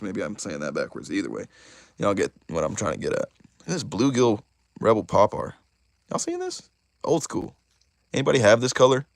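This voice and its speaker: A young man hosting a casual live stream, excitable and chatty, talking straight to his chat. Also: fairly low pitch, dry recording. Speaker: YouTuber host of a live stream.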